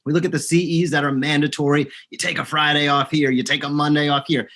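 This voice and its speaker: Brief: man, slightly high and bright voice, earnest emphatic interview guest. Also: level tone, fast. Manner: earnest, emphatic business talk. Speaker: guest, locum service provider. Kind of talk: podcast interview.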